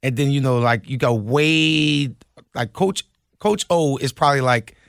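A man's voice: medium pitch, measured pace, no room sound, studio quality. A man from New Orleans co-hosting a casual sports talk show, arguing his point with frequent restarts. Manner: stammering, argumentative. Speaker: co-host.

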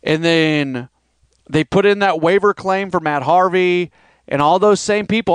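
A man hosts a solo sports podcast in a loose, rambling, conversational way. His voice sits high and comes through smooth and clear. The sound is dry and close to the mic. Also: unhurried, no room sound. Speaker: podcast host.

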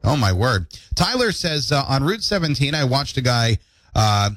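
Animated, playful radio morning host man. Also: medium pitch, normal speed, dry recording. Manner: playful, animated, jokey delivery. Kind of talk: solo radio host reading listener comments. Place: radio studio. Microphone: studio microphone.

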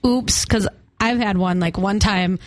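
A woman's voice: mid-range voice, brisk. A young woman co-hosting a morning radio show, chatty and laughing often as she talks about concerts and travel. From Arizona. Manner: chatty, laughs often, country music fan.

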